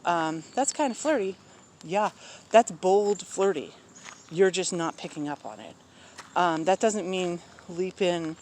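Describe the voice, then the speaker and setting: A man's voice: high-pitched, normal speed, darkish tone. Candid rambling man, crickets behind. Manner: candid, rambling, many ums, blunt asides. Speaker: vlogger talking about personal life. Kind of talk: casual personal talk. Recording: faint outdoor noise with crickets.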